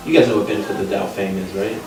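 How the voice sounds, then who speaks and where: A young man from Los Angeles doing a stand-up comedy set, loud on punchlines and dropping low for asides. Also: flat delivery, very fast. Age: young adult. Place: comedy club stage. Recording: echoey live room, mic far off, crowd laughter.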